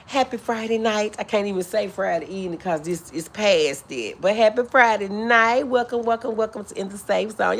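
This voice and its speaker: A woman hosting a live stream, chatting casually with viewers as she reads their comments aloud. She answers with affectionate, drawn-out greetings and calls people honey and boo. Now and then she clears her throat. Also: mid-range voice, a bit bright. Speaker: livestream host.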